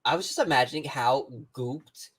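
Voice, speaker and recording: A man from Long Island, co-hosting a podcast in casual chat, reacting with exclamations and often trailing off quietly. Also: medium pitch, moderate pace, husky. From Long Island, New York. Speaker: podcast co-host. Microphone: remote podcast call.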